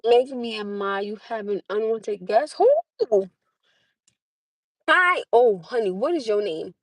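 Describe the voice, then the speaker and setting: A woman's voice: medium pitch, normal speed, dark tone, no echo. A young woman hosting a casual livestream, chatting with viewers, laughing often and greeting them by name. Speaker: livestream host.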